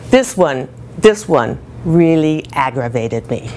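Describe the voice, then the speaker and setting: A woman's voice: deep voice, lively intonation, slow, mellow, slight background noise. A woman over sixty giving a comic talk to a live audience, telling self-mocking stories and laughing along. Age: older. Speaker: speaker performing a comic character talk.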